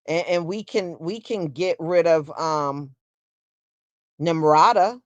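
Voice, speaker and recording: Woman host just chatting to her stream, slow drawl, lots of mm-hmm pauses, dry sound. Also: fairly low pitch, lively intonation, no room sound. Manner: unhurried, conversational, drawls and pauses, answers viewers with "mm-hmm" and "yeah". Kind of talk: casual solo livestream chat.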